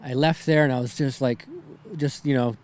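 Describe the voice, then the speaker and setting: A man's voice: mid-range voice, steady tone, moderate pace, darkish tone. Shaken young man telling a story. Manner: rambling, filler-heavy, says "right?" and "man" often. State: shaken, near tears. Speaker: podcast guest. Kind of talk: emotional personal storytelling.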